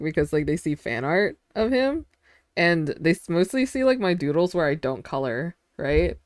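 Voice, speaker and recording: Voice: mid-range voice, very animated, measured pace, clear, resonant tone, no echo, studio quality. A streamer chatting casually with their audience while drawing. They ramble with lots of fillers and giggle often.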